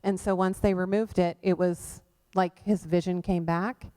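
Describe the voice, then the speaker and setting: Speaking a little slowly in a fairly low, clean-toned voice, a middle-aged woman shares her testimony of faith at a church women's event where she is the guest speaker. Her storytelling is animated as she performs what others said.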